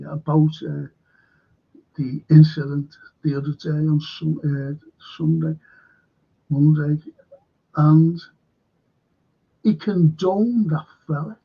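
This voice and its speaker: A man's voice: fairly high pitch, vocal fry, breathy edge, muffled recording. A man hosting a stream, rambling and indignant with heavy swearing. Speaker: host.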